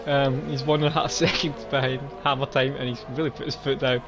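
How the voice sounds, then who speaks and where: A man's voice: medium pitch, level tone, brisk. A man commentating a sim racing league live, often breaking into laughter and disbelieving exclamations. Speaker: race commentator. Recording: music bed and engine noise.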